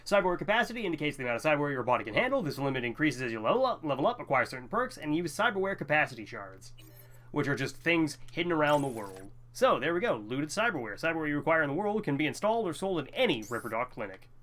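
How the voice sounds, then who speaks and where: A man's voice: on the high side, big pitch swings, fast talker, a bit bright. A man giving casual, rambling commentary while playing a video game, often tripping over words. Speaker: let's play host.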